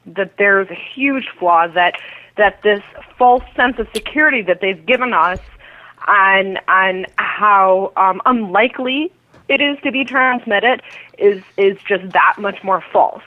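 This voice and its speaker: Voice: medium pitch, unhurried. A caller on a call-in talk show, making a long-winded, earnest argument. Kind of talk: call-in discussion. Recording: phone line.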